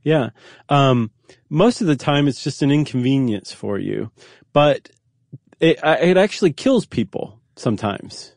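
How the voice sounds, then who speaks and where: Man, podcast co-host, middle pitch, dry studio sound, casual explainer. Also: expressive, unhurried, vocal fry, a little mellow, dry recording. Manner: curious, explanatory, frequent fillers. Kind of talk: casual conversational chat.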